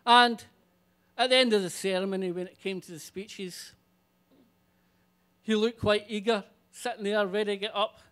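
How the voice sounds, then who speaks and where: A man telling a comic personal story live on stage, animated and swearing freely. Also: high-pitched, moderate pace, pauses often, clear, resonant tone.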